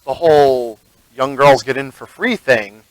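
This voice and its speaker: A man's voice: mid-range voice, measured pace, dry recording, low-quality recording. A man serving as game master, narrating a tabletop game in a rambling, chatty way and laughing often.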